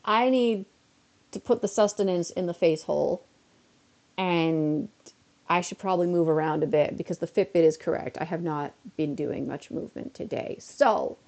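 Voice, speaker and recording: Tired chatty streamer woman, gravelly and mellow. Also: fairly low pitch. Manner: rambling, self-mocking, easily amused. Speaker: live streamer. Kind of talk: chatty live-stream talk to viewers.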